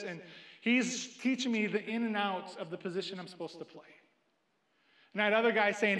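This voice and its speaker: High-voiced preacher in an echoey church. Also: male voice, brisk. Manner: earnest storytelling preacher, quotes others in lively asides. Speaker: pastor. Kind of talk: sermon. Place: church sanctuary.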